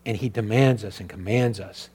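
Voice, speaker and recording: A man preaching a sermon in a repetitive, rhythmic cadence, dropping to hushed low asides and then rising to loud exhortation. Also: moderate pace, husky. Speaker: pastor.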